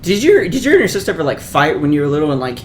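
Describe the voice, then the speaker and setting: A man's voice: fairly high pitch, big pitch swings, very fast, a little hiss or hum. A young man co-hosting a podcast in casual chat, a jokey storyteller who acts out his family's lines. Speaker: podcast co-host.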